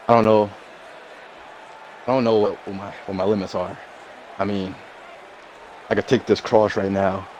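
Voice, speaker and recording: Man doing a bitter menacing wrestler rival, drawling, low voice, faint hiss. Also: darkish tone, close to an everyday voice, low-quality recording. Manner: drawling, with repeated "I mean". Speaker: fan performer voicing a pro wrestler. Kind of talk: wrestling promo role-play.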